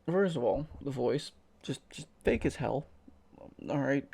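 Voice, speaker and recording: A man's voice: mid-range voice, expressive, measured pace, creaky, a little mellow, slightly rough. A tired man giving casual, sarcastic and profane reaction commentary, rambling as he goes. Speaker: YouTuber reacting to videos.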